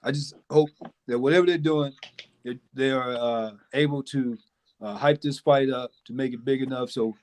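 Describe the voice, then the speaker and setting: Man, mid pitch, measured, hesitant, casual sign-off. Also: fairly even intonation. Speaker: panel guest. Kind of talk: casual closing remarks.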